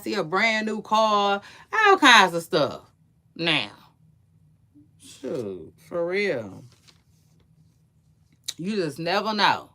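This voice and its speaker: A woman's voice: medium pitch, sing-song, slow, pauses often, pushed and bright. A woman giving casual celebrity gossip commentary, chatty and slangy, rambling with frequent asides.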